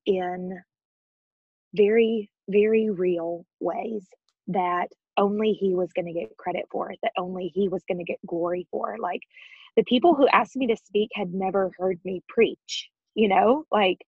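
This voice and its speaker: A woman in her thirties speaks with a husky edge, earnest and full of feeling as she tells her faith story. The recording is dry and a little dull, like a lo-fi home setup. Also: medium pitch, measured pace, no echo. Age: 30s. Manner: earnest and emotional, often laughing, near tears. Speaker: interview guest. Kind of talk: personal faith story in an interview.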